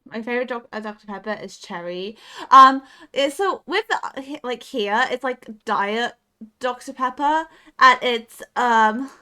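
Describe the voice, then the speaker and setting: Excitable high-voiced woman streamer. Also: unhurried, smooth. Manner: excitable, giggly, yelps when startled. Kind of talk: casual gameplay chat.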